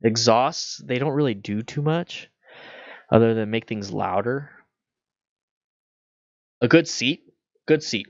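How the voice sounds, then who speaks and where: Male host, relaxed rambling Q&A delivery, lo-fi dry mic. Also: mid-range voice, slow, vocal fry, long pauses, no room sound. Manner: chatty, loose, reads viewer questions aloud. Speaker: motorcycle channel host. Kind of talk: casual livestream Q&A.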